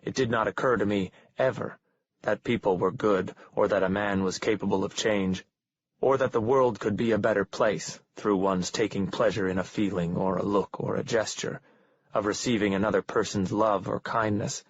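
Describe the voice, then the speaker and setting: Husky guy reading a novel in first person, calm and cold, dull lo-fi dry sound. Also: fairly low pitch, normal speed, no echo.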